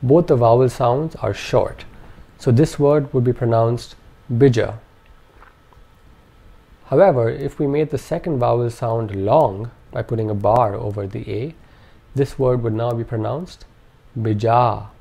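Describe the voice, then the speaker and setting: A man's voice: medium pitch, moderate pace, gravelly, dark tone, breathy edge. A man narrating a scripted language lesson, carefully enunciating each syllable and repeating words for practice. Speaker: language teacher.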